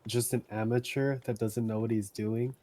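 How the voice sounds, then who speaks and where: A man's voice: medium pitch, fairly even intonation, normal speed, warm tone. A man playing a tabletop game, casual, with lots of "like.". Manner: casual, says bro and like. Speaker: player.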